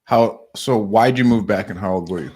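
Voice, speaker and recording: Man, podcast host, lowish voice, relaxed, casual questions. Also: normal speed, slightly rough. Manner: relaxed, friendly, slangy interviewer. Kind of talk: casual interview.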